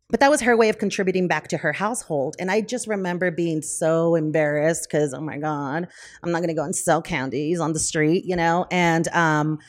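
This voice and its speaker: A woman being interviewed, telling a story casually, full of fillers and self-corrections, and acting out the quoted dialogue in raised voices. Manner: lively, acts out quoted dialogue in higher voices. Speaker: brewery owner, podcast guest.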